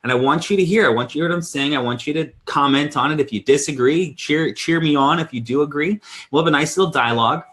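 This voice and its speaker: A man in his thirties hosting a weekly sales training call, telling a story in an energetic, animated way with many restarts. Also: quick pace. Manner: energetic storyteller, lively swings in pitch. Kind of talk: casual live-stream talk.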